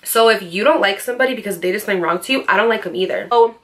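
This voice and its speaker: A woman's voice: mid-range voice, racing, fairly bright tone. A woman in her twenties telling a personal story to her viewers, candid and profane, with lots of "like". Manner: candid, profane, heavy filler "like". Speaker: storytime vlogger. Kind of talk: casual storytelling.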